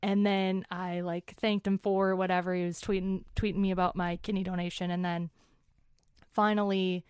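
A woman's voice: on the low side, flat delivery, moderate pace, darkish tone, smooth, no room sound, clean studio sound. A woman in her twenties, an interview guest, animatedly telling a chatty story and acting out what people said.

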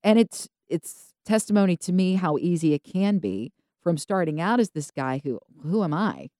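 A woman co-hosting a podcast, telling Bible stories casually and acting out the characters in quick voices. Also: on the low side, no echo, clean studio sound. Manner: animated storytelling, acts out biblical characters in quick voices. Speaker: podcast co-host.

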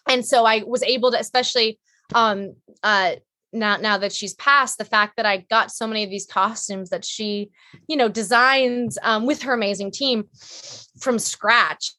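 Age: unknown. Sex: woman. Style: rambling podcast chat. Pitch: bright, fairly high. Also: moderate pace, no room sound. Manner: chatty, rambling, lots of fillers and restarts. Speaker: guest actress.

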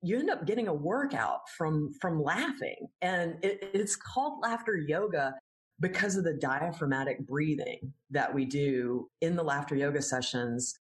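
A woman's voice: sits low, lively intonation, moderate pace. Friendly woman laughter yoga teacher. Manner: friendly, explanatory, laughs easily. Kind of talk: interview answers.

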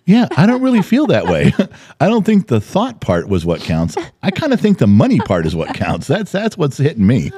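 A middle-aged man co-hosting a podcast at home, animated and swearing freely as he tells family stories. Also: a little high, moderate pace. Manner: animated, swears freely, acts out quotes loudly. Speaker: podcast co-host. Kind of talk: casual chat.

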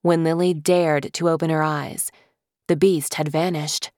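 A woman with a lowish voice reads a middle-grade fantasy aloud in a measured, vivid way. The recording is dry and close, with no room sound at all. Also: steady tone, a little mellow, dry recording. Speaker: audiobook narrator. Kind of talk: scripted narration.

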